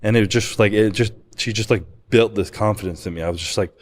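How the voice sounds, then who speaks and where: A man's voice: lowish voice, brisk, hardly any pauses. A young man speaking openly and emotionally as a podcast guest, telling a personal story with lots of swearing and filler words. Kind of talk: candid podcast conversation.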